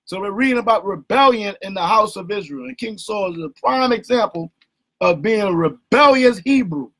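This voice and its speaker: A man hosting an informal call-in bible study. He talks in an animated, slangy way and keeps asking "right?". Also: sits high, normal speed, poor audio. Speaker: bible teacher and host.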